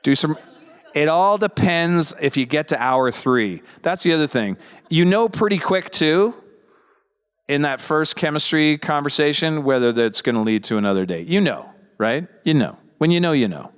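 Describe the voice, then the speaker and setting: A man's voice: on the high side, animated, normal speed, clear, resonant tone, in a large hall. A man at a convention panel, joking and chatting with fans in a playful, talkative way. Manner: chatty, playful, jokey asides. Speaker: convention panel guest actor. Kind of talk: casual joking Q&A.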